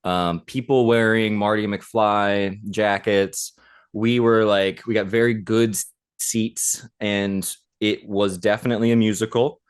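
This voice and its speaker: Casual co-host, man in his thirties, low smooth voice, excited rambling storyteller, many fillers. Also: a little slow. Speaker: podcast co-host. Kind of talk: casual chat.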